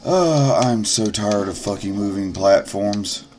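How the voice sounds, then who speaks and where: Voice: deep voice, lively intonation, slow pace, darkish tone, soft background music. A let's player giving gameplay commentary, swearing and grumbling at the game as they go. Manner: profane, grumbling running commentary. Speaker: let's play gamer.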